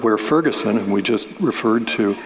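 A man's voice: on the low side, moderate pace. A man, a novelist, talking through his book in a thoughtful, detailed way, often restarting his sentences. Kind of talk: relaxed radio-style discussion. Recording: roomy with long reverb.

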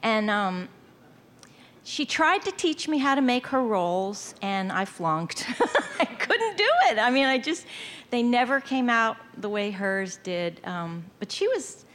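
A woman telling lively anecdotes in an interview, laughing often and acting out quoted voices. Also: a little high, takes it slowly. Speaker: storytelling guest.

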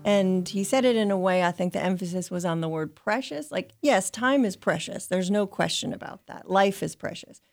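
An older woman reading from her own writing and answering questions, slow, measured and thoughtful. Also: medium pitch, faint music behind. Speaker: guest reading from her memoir. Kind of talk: reflective reading and interview answers.

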